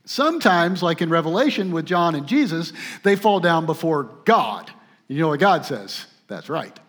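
A man preaching a sermon in a conversational way, with asides and restarts, who swings from emphatic points to soft, tender passages. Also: a little high, very animated, normal speed. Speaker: pastor.

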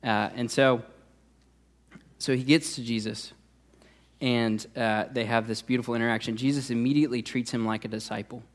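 A man's voice: mid-range voice, steady tone, normal speed. A man who is a youth pastor, preaching a sermon in a conversational way, with frequent "uh" fillers and restarts.

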